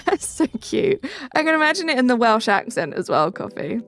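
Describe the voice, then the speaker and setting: A woman's voice: a little high, lively intonation, a little fast. A young woman from England, live streaming and chatting back to viewer comments in a casual way. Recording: faint music behind.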